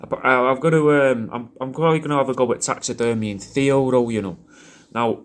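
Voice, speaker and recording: A man with an English regional accent giving a rambling, crude, deadpan comic monologue as a personalised video message. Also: mid-range voice, brisk. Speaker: comedic character doing a personalised video message.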